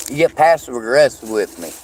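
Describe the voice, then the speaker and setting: A man's voice: mid-range voice, a little hiss or hum, rough recording. A man giving a blunt, profane, heated rant as a vlogger, talking from a car while driving. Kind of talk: profane angry rant to camera.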